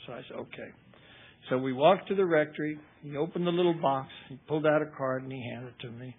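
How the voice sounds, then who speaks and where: A man's voice: a little high, quick pace, slightly rough. An older man speaking at a recovery meeting, telling his story in a wry, conversational way. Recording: tinny phone-like recording.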